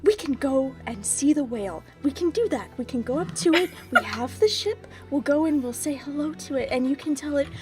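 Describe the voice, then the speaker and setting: A woman voicing an embarrassed ship captain in a tabletop game, placating a princess in a soothing, hurried way. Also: extremely high pitch, lively intonation, darkish tone, faint music behind.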